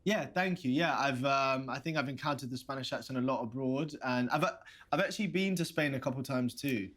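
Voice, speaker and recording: In a game, an actor with a London accent voices a nervous young protagonist stammering awkwardly through a video date. His voice is mid-range, slightly fast, fairly bright, and close to how he'd normally talk.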